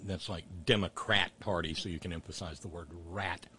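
A man's voice: deep voice, fairly even intonation, normal speed, pushed and bright, a little hiss or hum. A man hosting political commentary, mocking clips with sarcastic asides and rising rants.

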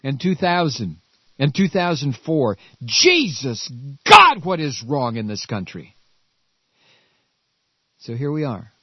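A man rants on the radio in a lively, swooping voice that climbs into shouts. His tone is a little husky and he stumbles over his words. The sound is dull and dry. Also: fairly high pitch, slow pace, pauses often, no echo. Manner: angry, stammering, shouting outbursts. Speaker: radio talk host. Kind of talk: political rant.

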